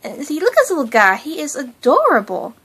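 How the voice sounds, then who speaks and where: A woman's voice: high-pitched, huge pitch swings, brisk, fairly bright tone. A young woman hosting her own fan channel, chatting casually about a cartoon in a gushing, giggly way.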